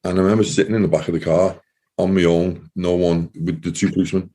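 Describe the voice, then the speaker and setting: A low, mellow, husky-voiced man in his thirties tells his story in a relaxed interview. He speaks haltingly, restarting his sentences and acting out past conversations as quotes. His voice sits deep and dark. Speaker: interview guest, former soldier.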